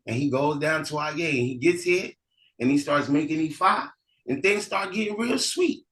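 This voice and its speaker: A man, a priest, teaching and telling a story in a relaxed, conversational way. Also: fairly high pitch, moderate pace, rough recording. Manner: relaxed, conversational, with frequent restarts.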